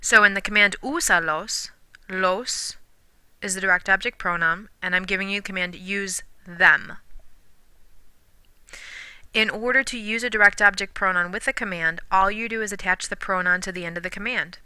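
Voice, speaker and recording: A woman teaching a recorded language lesson, patiently explaining grammar and slowly sounding out example words. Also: mid-range voice, sharp tone, dry recording. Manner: clear, patient explaining with slow modeled pronunciations; drops to a whisper when counting syllables. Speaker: Spanish teacher.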